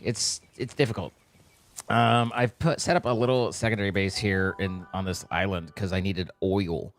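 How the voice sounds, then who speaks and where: A man's voice: lowish voice, fairly bright tone, no room sound. Rambling male streamer greeting chat. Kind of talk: casual live-stream chat.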